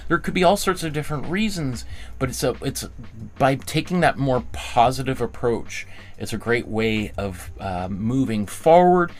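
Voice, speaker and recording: A man teaching a relaxed live drawing class, chatting as he goes and often circling back to restart a thought. His mid-pitched voice swoops up and down with lively energy and jumps high whenever he acts out someone else's words. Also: normal speed. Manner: casual, rambling, encouraging, restarts phrases often. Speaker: art teacher.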